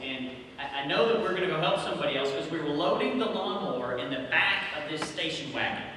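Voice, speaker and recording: A man speaking as a son at a memorial, telling an animated story about his father. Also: a little high. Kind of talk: memorial tribute speech. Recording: echoey hall, distant mic, background noise.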